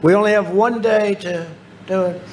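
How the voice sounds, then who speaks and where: A man's voice: high-pitched, steady tone, normal speed, a little hiss or hum. A man giving a rally speech into a podium microphone, telling boastful, repetitive stories to a crowd. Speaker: politician speaking at a rally. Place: large rally venue.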